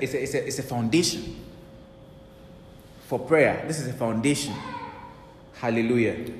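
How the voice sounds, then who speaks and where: A man's voice: on the high side, a little hiss or hum. Emphatic preacher man in echoey hall. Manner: emphatic, repeats key words, quotes scripture. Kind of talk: sermon. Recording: echoey hall with faint ambience.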